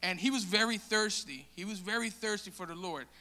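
Man, halting church testimony, very bright crisp voice, reverberant hall. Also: high voice. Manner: halting, many restarts and fillers. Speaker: church member sharing testimony. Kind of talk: casual testimony in a sermon.

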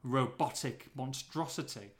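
A man co-hosts a football podcast in a loose, bantering way, firing off listener questions and tossing in quick jokes. His voice sits at a middle pitch for a man. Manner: chatty, banter-filled, quick asides. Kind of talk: casual football podcast chat.

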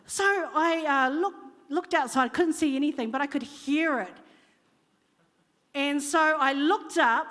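A woman preaches in a chatty, animated storytelling way, acting out the voices in her stories. Her voice sits high and sounds bright. A long reverb trails her words through the hall. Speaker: church speaker. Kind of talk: conversational sermon storytelling.

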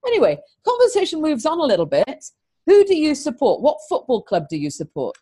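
A middle-aged woman, a teacher, talking earnestly in an interview and telling stories with lively, repeated emphasis. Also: high-pitched, a little fast, dry recording. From England. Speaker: teacher and guest. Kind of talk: conversational interview.

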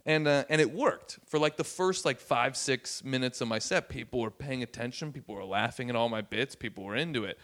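A man's voice: medium pitch, fairly quick, few pauses. A man, a stand-up comedian, telling a story in casual chat and acting out the voices of the people in it. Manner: animated, acts out voices in quotes.

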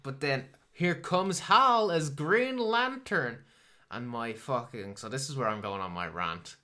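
A man picks apart a movie with his podcast co-host, his voice bright and cutting. He swears freely and keeps working himself up, casual and exasperated. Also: mid-range voice, expressive, unhurried. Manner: swears a lot, ranting and exasperated. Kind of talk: casual film review chat.

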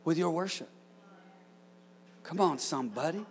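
A man preaching an energetic sermon to a congregation, joking with them and shouting out commands. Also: fairly high pitch, unhurried.

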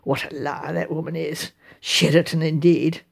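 A woman's voice: a little high, animated, slow, darkish tone. A woman voicing a chatty, sniffy middle-aged village mother reading aloud from the paper. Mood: gossipy.

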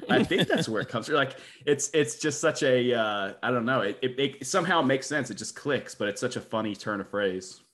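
A man's voice: medium pitch, animated, moderate pace, hardly any pauses, fairly bright tone. A man co-hosting a podcast, musing hesitantly in casual chat. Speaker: podcast co-host.

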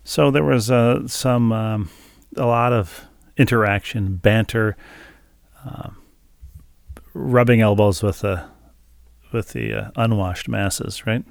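A man's voice: lowish voice, slow, creaky, no echo. A middle-aged man co-hosting a podcast, telling a story in casual chat with dry, wry humor. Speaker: podcast co-host.

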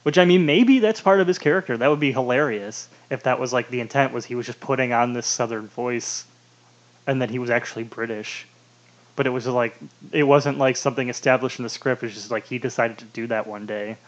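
Casting note: male podcast co-host, casual movie chat, rambly, full of "like", mid pitch, muffled lo-fi audio. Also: a little fast. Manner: rambling, fills with "like" constantly. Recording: dull lo-fi sound.

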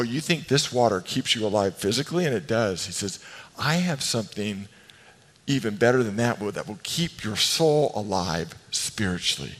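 Male pastor, emphatic animated preaching, mid-pitched voice, reverberant church sanctuary. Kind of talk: sermon. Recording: long reverb of a large hall.

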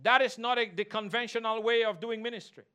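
A man preaching a sermon as pastor, animated, mimicking people and singing snatches of a hymn. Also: very high-pitched, fairly quick, smooth. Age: adult.

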